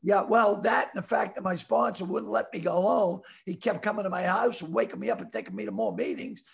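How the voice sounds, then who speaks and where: Man, middle-aged, from Boston area, gravelly fry, very lively pitch, stammering storyteller. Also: a little fast. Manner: rambling, stammering restarts, animated quoted voices. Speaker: comedian guest telling a story. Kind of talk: casual storytelling.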